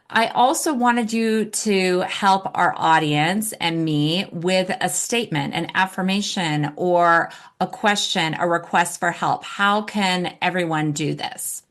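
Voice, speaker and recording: A woman in her fifties hosts an interview in a lowish voice. She affirms her guest with short acknowledgements and asks plain, clear questions. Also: a bit bright. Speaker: interview host. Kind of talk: conversational interview.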